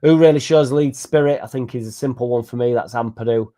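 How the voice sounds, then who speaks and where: Excitable football fan. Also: male voice, medium pitch, brisk. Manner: excitable, rambling, sweary banter. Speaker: football fan channel host. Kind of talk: casual live-stream chat reading viewer comments.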